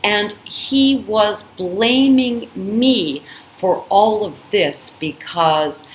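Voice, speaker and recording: A woman's voice: mid-range voice, drawn-out words. A woman hosting her own channel, telling a personal story in an emphatic way, full of "you know" and "I mean". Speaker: channel host. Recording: echoey room with faint background noise.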